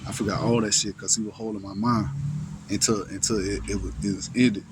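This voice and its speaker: Low-voiced man telling a rambling story. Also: fairly even intonation, a little fast, background noise. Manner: rambling, with many restarts and repeated words; profane street slang, checking in with the listener. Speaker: storyteller recounting a personal ordeal. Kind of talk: casual first-person storytelling.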